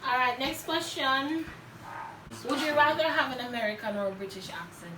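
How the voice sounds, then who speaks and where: A young woman with a Jamaican accent, easygoing and slightly high-pitched, asks questions and weighs in. The sound is roomy and distant, with clear background noise. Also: moderate pace. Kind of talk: casual chat.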